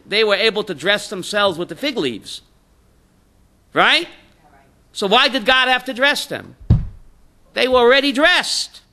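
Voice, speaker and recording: A male rabbi lecturing a Torah class in a high, bright voice that swings widely in pitch. He keeps firing rhetorical questions at his students and calls on them by name. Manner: quizzes students by name, mixes in Hebrew terms.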